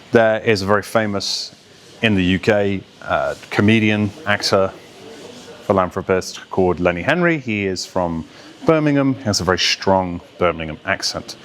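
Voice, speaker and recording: Lower-voiced male voice coach. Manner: articulate, steady, explaining with examples. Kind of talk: explanatory video lesson.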